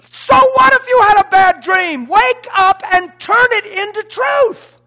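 A pastor, a man, preaching a sermon in an emphatic, blunt style with sudden shouted lines. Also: very high voice, a little slow.

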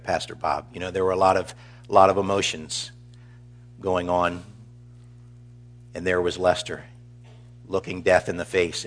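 Deep-voiced man giving a eulogy. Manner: earnest, measured, warmly storytelling. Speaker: pastor. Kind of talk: funeral eulogy.

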